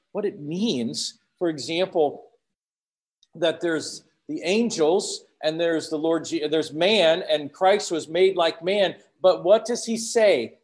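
A man preaching a sermon, acting out prayers and quotes with sudden swings from loud exclamations to hushed tones. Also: high-pitched.

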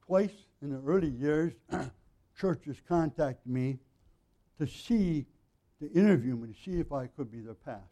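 A male pastor giving an earnest, conversational sermon, often clearing his throat. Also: fairly high pitch, expressive, measured pace, mellow. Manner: frequent throat clearing, earnest and plain-spoken.

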